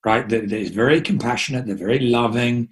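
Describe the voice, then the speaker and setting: A man's voice: medium pitch, a little fast. A man hosting a talk show in casual, playful chat. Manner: playful, jokey.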